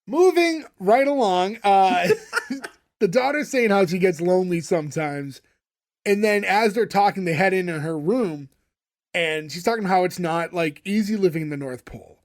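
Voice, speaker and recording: A man's voice: sits high, expressive, normal speed. A man co-hosting a podcast, recapping an episode in casual chat with lots of fillers and laughs. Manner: rambling, filler-heavy, laughs often. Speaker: podcast co-host.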